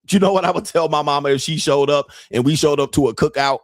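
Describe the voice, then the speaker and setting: Profane, mocking comedic ranter, dry mic. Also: male voice, fairly high pitch, fast talker, no echo. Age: 50s. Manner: profane, mocking, laughs at his own jokes. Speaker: host. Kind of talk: comedic rant. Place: home studio.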